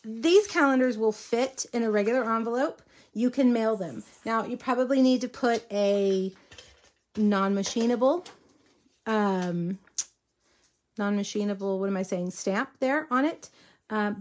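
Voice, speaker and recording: A woman giving a casual live card-stamping tutorial from her home craft room. She is chatty and easily distracted, breaking off to talk to her viewers and her dogs. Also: fairly high pitch. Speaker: stamping and card-making demonstrator.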